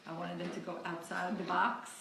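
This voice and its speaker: A woman's voice: lowish voice, level tone, gravelly, reverberant, crowd noise, low-quality recording. A woman, a shop owner, talking up her event in a casual interview, upbeat and enthusiastic. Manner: upbeat, enthusiastic, quick laughs. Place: cake supply store.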